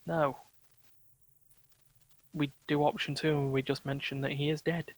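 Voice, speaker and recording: A man hosting a casual gaming podcast, chatting about choices and reading the game's text aloud in a relaxed way. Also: on the high side, unhurried, dry recording. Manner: relaxed, reads dialogue options aloud. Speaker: podcast host. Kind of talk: casual let's-play chat and game text reading.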